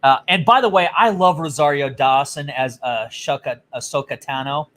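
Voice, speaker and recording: A man's voice: fairly high pitch, normal speed, fairly bright tone, a little hiss or hum. A man co-hosting a casual chat, telling stories in a blunt, profane way. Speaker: podcast co-host.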